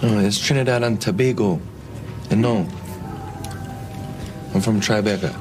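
A man's voice: on the low side, measured pace, music in the background, lightly acted. An actor playing a young man who fakes a heavy Caribbean island accent, drawling and easygoing, from a TV episode. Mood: friendly. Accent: put-on Caribbean island accent. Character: young white man faking an island accent, laid-back. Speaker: funeral guest in a TV episode.

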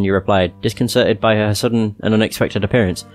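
A man's voice: lowish voice, fairly even intonation, a little fast. A man hosting a let's play, reading game text aloud with chatty, amused asides. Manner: chatty, amused asides between read passages. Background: faint game music.

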